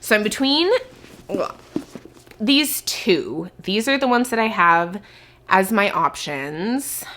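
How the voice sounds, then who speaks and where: Young woman, casual book vlog, sick with a cough, rambles and thinks aloud, middle-pitch voice. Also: animated, slow pace, long pauses, a bit bright, a little hiss or hum. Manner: chatty, thinking aloud, lots of "like" fillers. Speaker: book vlogger. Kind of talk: casual chat to camera.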